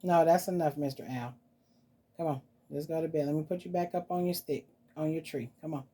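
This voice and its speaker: A woman hosting a casual vlog, talking softly and playfully to her dolls as if they were children. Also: deep voice, a little fast. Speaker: doll collector vlogger. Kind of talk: casual doll-play vlog.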